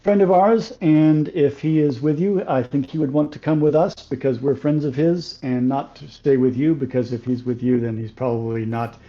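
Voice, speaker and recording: A man playing a tabletop game, talking in a halting, stumbling way. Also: medium pitch, fairly even intonation, dull audio. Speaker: player. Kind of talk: casual tabletop play.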